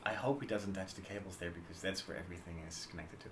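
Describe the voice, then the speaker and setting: A man's voice: low-pitched, steady tone, fast, a bit bright. A man co-hosting a casual livestream chat, explaining things with many fillers and restarts. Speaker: livestream co-host. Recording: echoey room with faint background noise.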